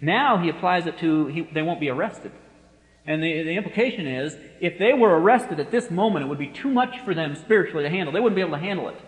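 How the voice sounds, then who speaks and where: A male pastor preaches with an emphatic style, moving between hushed passages and forceful declarations. His voice sits somewhat high for a man. It rings through a church sanctuary with a roomy, long-tailed echo. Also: animated. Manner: emphatic, swings from hushed to forceful, quick asides. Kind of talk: expository sermon. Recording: echoey hall with long reverb.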